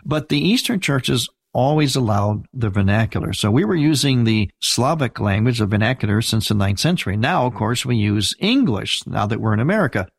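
An older man, a priest, giving an informal church history lecture with a husky voice and a conversational, explanatory manner, turning now and then to speak to his listeners. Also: mid-range voice, animated, a little fast, hardly any pauses, no room sound. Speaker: Byzantine Catholic priest teaching church history.

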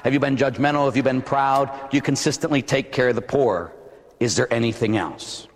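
A man, a Catholic priest, preaching a sermon in a blunt, joking, rapid-fire way. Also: mid-range voice, big-room sound.

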